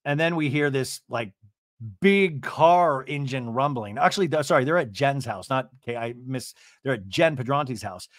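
A man hosting a podcast, recapping a reality show in a chatty, animated way and swearing casually. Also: mid-range voice, moderate pace, no room sound, studio quality. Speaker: podcast host.

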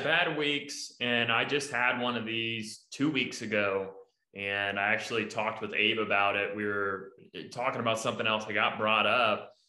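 A man co-hosting a podcast, giving animated, emphatic advice in numbered points. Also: fairly low pitch. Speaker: podcast co-host. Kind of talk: casual podcast talk. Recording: echoey room.

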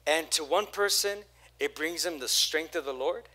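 A middle-aged man preaching a sermon as pastor, animated, acting out what churchgoers say. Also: fairly high pitch, moderate pace. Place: church sanctuary.

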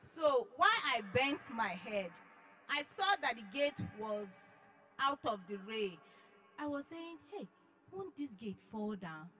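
A woman giving an emotional church testimony, dramatic, acting out her own shouts and then dropping to hushed tones. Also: fairly high pitch, lively intonation, measured pace, poor audio. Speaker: testimony giver.

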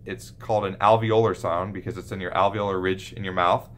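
A man's voice: deep voice, level tone, brisk, a little hiss or hum. A man, a pediatric speech therapist, explaining and demonstrating speech sounds to camera. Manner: demonstrates sounds and lisps with exaggerated examples. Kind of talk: instructional talk to camera.

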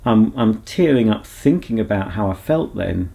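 Mellow low-voiced man, candid chat. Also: animated, moderate pace, creaky. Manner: rambling, candid and self-reflective. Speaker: vlogger. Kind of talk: casual chat to camera.

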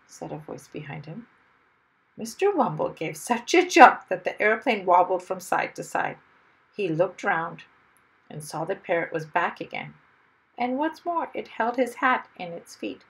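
Expressive woman reading a children's story. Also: fairly low pitch, unhurried, gravelly, rough recording. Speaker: storybook reader. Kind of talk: children's story read aloud.

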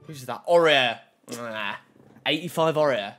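A young man commentating on opening video game card packs, reacting loudly and excitedly to each card. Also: medium pitch, a little slow, faint music behind. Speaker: gaming YouTuber.

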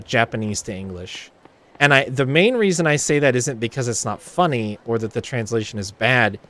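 A man's voice: mid-range voice, a bit bright. A man streaming a video game, giving casual commentary while thinking aloud and correcting himself. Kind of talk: casual let's-play commentary.

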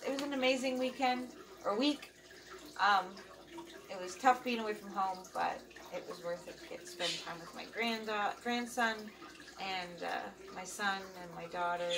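A middle-aged woman talks through her week in a loose, rambling way, leaning on fillers as she goes. She sits some way back from the microphone. Water runs clearly in the background. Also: medium pitch. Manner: rambling and chatty, with many fillers. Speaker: vlog host. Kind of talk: casual chat. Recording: distant mic with running water noise.

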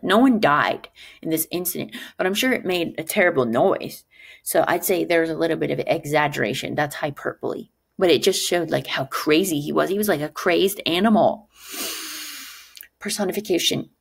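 Low, gravelly-voiced woman teacher. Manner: animated, asks rhetorical "right?" often; acts out quoted lines with sudden pitch jumps. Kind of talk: classroom lesson walkthrough.

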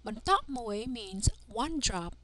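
A woman's voice: on the high side, lively intonation, a bit bright, poor audio. A woman teaching a language lesson, carefully sounding out letters and words one at a time. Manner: careful, deliberate pronunciation of drilled sounds. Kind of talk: slow instructional language lesson. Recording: noticeable background noise.

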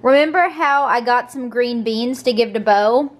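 A young woman with a drawl talks through her day in a relaxed, chatty vlog voice. Her pitch sits a little high, and she drifts easily from cooking steps to fond asides. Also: normal speed. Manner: chatty, talks baby-talk to her dogs. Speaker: vlogger. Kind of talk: casual vlog narration.

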